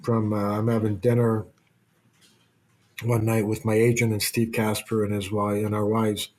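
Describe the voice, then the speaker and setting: A man's voice: on the low side, level tone, moderate pace, a little mellow. A man, a former hockey player, telling a long casual anecdote in an interview, with restarts and the odd swear word.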